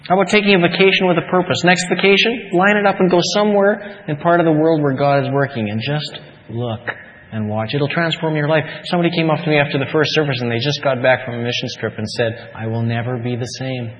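A man's voice: fairly high pitch, steady tone, fast talker, few pauses, a bit bright. A man preaching a sermon as pastor, coaxing his congregation with conversational rhetorical questions. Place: church sanctuary. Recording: dull lo-fi sound with long hall reverb.

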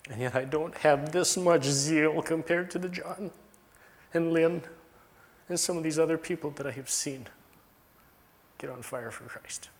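A man with a slightly higher voice delivers a sermon. He speaks earnestly and at times sinks into a hushed, slowed-down tone to stress a point. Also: fairly even intonation. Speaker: preacher.

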